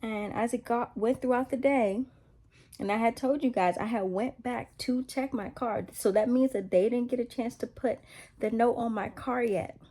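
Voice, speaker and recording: Brief: woman, fairly high mellow voice, rambling self-mocking testimony, casual. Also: moderate pace. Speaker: vlogger sharing a faith testimony.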